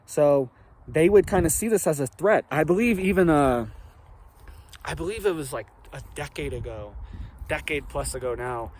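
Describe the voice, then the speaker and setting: A man hosts a casual news commentary, talking to his viewers with animated, rhetorical questions. His voice sits a little high. Faint noise hums behind him. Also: moderate pace. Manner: animated, rhetorical, keeps asking "right?".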